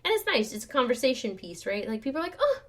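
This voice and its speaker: A woman's voice: a little high, very animated, very fast. A woman co-hosting a podcast in casual chat, talking in a loose conversational way with lots of "like" and "right?". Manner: chatty, conversational, often says "like" and "right?". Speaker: podcast co-host.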